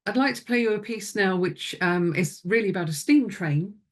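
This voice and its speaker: A woman presenting a music teaching webinar, speaking calmly and instructively into a close microphone. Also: mid-range voice, normal speed. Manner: calm, instructive, demonstrates vocal exercises.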